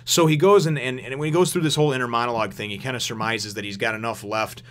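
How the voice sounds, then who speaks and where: A man hosting a casual comic review, talking fast and rambling through the story with lots of fillers. He swears freely and breaks into laughs, at an ordinary middle pitch for a man. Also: fairly even intonation, a bit bright. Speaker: manga reviewer.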